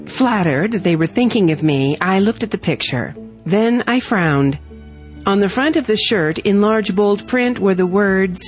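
A woman reading her own heartfelt family story aloud in a gentle storytelling manner. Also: lowish voice, animated, measured pace, soft background music. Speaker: story reader.

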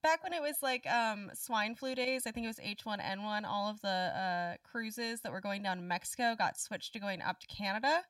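A woman hosting a casual interview, eager and quick to react. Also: medium pitch, fairly bright tone, no echo, clean studio sound. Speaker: host. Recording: voice a bit far from the mic.

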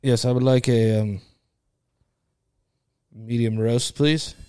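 A man voicing a smug male undercover American agent, loud and taunting in an improvised comedy scene. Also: medium pitch, fairly even intonation, slow, clean tone, no room sound, natural voice. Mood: polite. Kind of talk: improvised comedy role-play.

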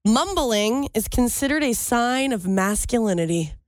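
A woman's voice: fairly high pitch, expressive, a little slow, no echo. A woman co-hosting a radio show, teasing and laughing through casual banter. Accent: Cincinnati-area American. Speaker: radio co-host.

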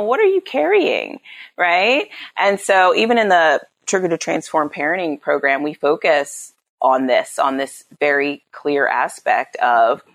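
A woman in her thirties, a parenting coach in a podcast interview, acting out quotes with big pitch jumps. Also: a bit bright.

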